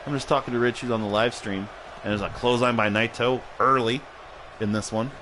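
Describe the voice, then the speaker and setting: A man's voice: fairly low pitch, fairly even intonation, quick pace, fairly bright tone, a little hiss or hum. A man hosting a livestream, casually commentating a video game match, rambling and joking, laughing often and swearing, a little tipsy and punchy.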